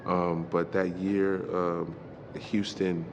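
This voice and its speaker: A man giving a candid sit-down interview, talking haltingly with many fillers. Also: sits low, level tone, background noise. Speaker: interview guest.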